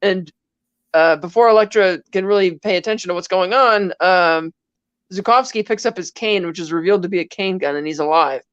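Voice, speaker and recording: A woman's voice: fairly low pitch, fairly quick, no echo, dull audio. A woman co-hosting a podcast, animatedly retelling a film scene in casual chat and briefly acting out the characters' lines. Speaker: podcast co-host.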